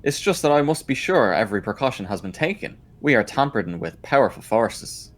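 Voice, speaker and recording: A man voicing a calm, self-assured lead scientist in a comic read-aloud, measured and earnest. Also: medium pitch, a little hiss or hum, lightly acted.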